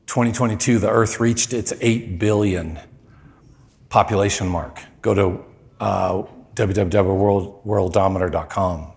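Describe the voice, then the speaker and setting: Male preacher, church sermon, animated storyteller who leaps high for quoted lines. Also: measured pace, gravelly. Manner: animated storyteller, voice jumps high when quoting people.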